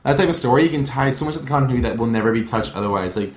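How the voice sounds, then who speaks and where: A man's voice: medium pitch, expressive, rapid-fire, slight background noise. A man co-hosting a casual podcast, talking eagerly in long run-on sentences. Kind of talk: casual chat. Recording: echoey room.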